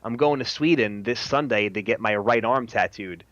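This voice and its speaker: A young adult man as a guest in casual chat, talking excitedly in slang and swearing freely. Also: fairly low pitch, normal speed, no room sound, dull audio.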